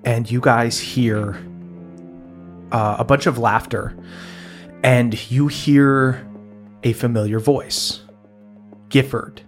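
A man running a tabletop game, narrating in an easy, filler-laced way at a mid pitch and often laughing. Faint background music sits under him. He sounds casual and amused. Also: fairly even intonation, takes it slowly, pauses often. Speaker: game master.

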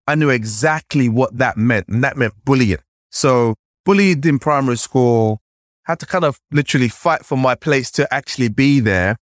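A man from Nigeria tells his story as a podcast guest, animated and full of "like". His pitch jumps around as he acts out remembered voices. The sound is dry and close, with no room around it. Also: no echo. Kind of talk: storytelling in conversation.

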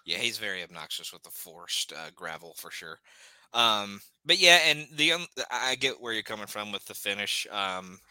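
A man hosts a laid-back podcast, walking through each match in a bright, crisp voice that sits a little low. He talks loosely, with fillers between beats, recorded dry and close. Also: moderate pace, no echo, low-quality recording. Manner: relaxed, recaps matches play by play with many fillers. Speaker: podcast host. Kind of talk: casual podcast chat and match recap.

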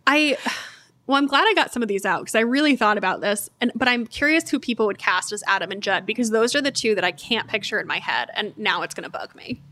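A woman's voice: medium pitch, expressive, fast, pushed and bright. A woman co-hosting a casual book podcast, thinking aloud with many restarts and fillers. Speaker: podcast co-host.

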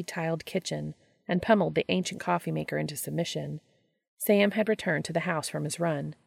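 A woman reading a story aloud in a calm, steady manner. Her voice is deep and very gravelly, recorded dry with no room sound. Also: no echo. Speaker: narrator. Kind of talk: audiobook reading of fan fiction.

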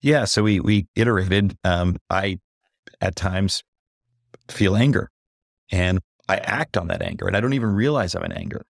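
A deep-voiced man with a gravelly, creaky edge appears as an executive coach on a podcast interview, candid and reflective. He slows to stress points, grows animated when recounting, and is briefly emotional. The sound is close and dry, with no room around it.

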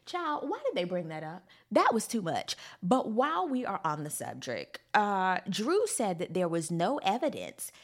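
A woman's voice: mid-range voice, sing-song, normal speed, hardly any pauses. A woman recapping a reality show in casual, sassy podcast chatter, calling listeners honey and child.

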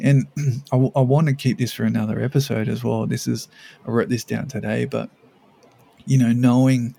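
A man's voice: mid-range voice, creaky, dark tone, breathy edge. A man co-hosting a casual parenting podcast, rambling with many restarts as he talks. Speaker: podcast co-host.

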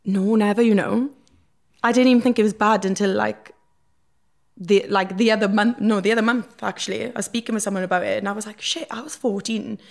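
A woman's voice: medium pitch, fairly even intonation, fairly quick, gravelly. A young Welsh woman talks as an interview guest, with a middle-range voice. She tells her stories openly in a loose, casual ramble, and fillers keep creeping into her speech. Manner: rambling, frank, peppered with fillers. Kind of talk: casual candid storytelling.

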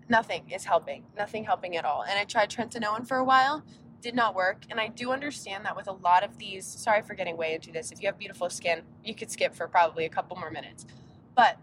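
A young woman talks through a casual solo podcast from the driver's seat, wandering off topic and breaking into her own sentences. She sounds a bit sick and tired, and a faint road rumble sits under her voice. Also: fairly bright tone. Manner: rambling, chatty, self-interrupting. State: sick, yawning. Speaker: podcast host. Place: inside a car on a road trip.

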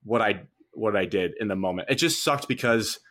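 A young man co-hosting a sports podcast, telling an animated story in casual chat, full of fillers. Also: on the low side, normal speed. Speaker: podcast co-host.

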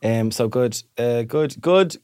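A man's voice: medium pitch, slow, clean tone, no room sound, clean studio sound. A man co-hosting a podcast, telling a story with lots of acted-out voices in casual chat. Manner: animated storyteller, acts out voices. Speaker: podcast co-host.

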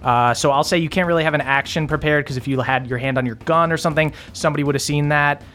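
A man narrating a tabletop game as game master, relaxed and full of fillers. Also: a little high, fast.

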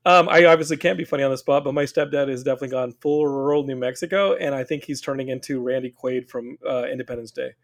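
A young man co-hosting a podcast, telling stories in a casual, animated way. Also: mid-range voice, fast, creaky, few pauses. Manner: animated, does voices of family members. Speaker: podcast co-host. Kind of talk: casual storytelling chat.

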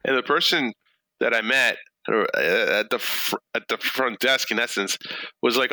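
A man from France, a guest in an interview, telling a story in an animated way, acting out bits of dialogue with plenty of fillers. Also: medium pitch, moderate pace, no room sound, rough recording.

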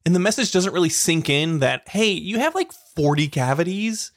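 Animated giggly woman co-host, dry sound. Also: normal speed, no echo. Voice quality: giggly, animated, jumps into high squeals. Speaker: podcast co-host. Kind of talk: casual comedic chat.

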